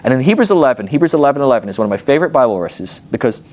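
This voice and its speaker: A man teaching a Bible class, telling the story with animated energy and often laughing at his own points. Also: mid-range voice, very fast. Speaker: ministry school teacher.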